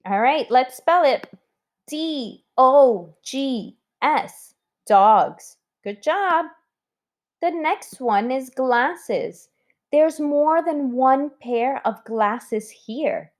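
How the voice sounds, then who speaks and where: Teacher woman, higher voice, unhurried, spells words letter by letter for young pupils. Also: lively intonation. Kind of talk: recorded spelling lesson for children.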